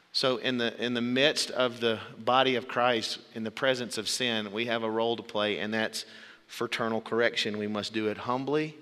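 A man with a mid-range voice preaches earnestly in a large, roomy space. He makes his point through stories, shouting out the voices of the people he quotes.

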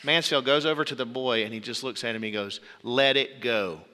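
A man's voice: mid-range voice, fast, in a large hall. A man preaching a sermon, earnest, telling stories to make his point. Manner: earnest, storytelling, shouts out quoted voices.

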